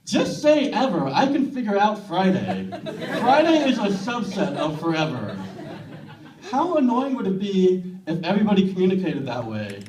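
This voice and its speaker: A man performing a stand-up comedy set with a deadpan, self-deprecating delivery, in a comedy club with a laughing audience. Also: high voice, moderate pace, far from the mic. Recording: roomy club, mic heard from afar, audience laughing.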